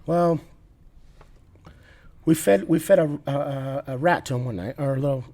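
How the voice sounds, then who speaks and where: A man's voice: fairly high pitch, moderate pace, warm tone. A middle-aged man telling a long rambling story as a podcast guest, laughing and restarting often. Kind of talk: casual storytelling.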